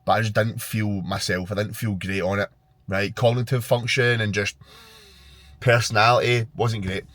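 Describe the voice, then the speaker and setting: A man's voice: fairly low pitch, steady tone, moderate pace, fairly bright tone, no room sound. A man with a Glaswegian accent, rambling casually and swearing freely to camera as a fitness vlogger. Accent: Scottish, Glaswegian. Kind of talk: casual vlog chat to camera.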